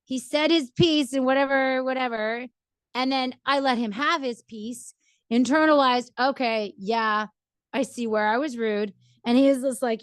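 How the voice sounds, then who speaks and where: A woman's voice: high-pitched, a little slow, dry recording. Chatty woman vlogger, dry sound. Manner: chatty, rambling, frequent "right?" tags. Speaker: vlogger giving relationship advice. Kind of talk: casual advice monologue.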